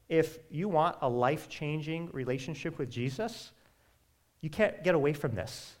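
A man preaching a sermon in a conversational, animated way, with quick asides to his listeners. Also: fairly high pitch. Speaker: pastor.

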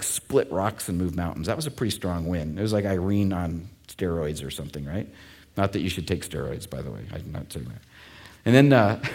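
A man's voice: fairly low pitch, darkish tone. A man preaching a sermon to a congregation in a conversational way, with asides and jokes. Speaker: pastor.

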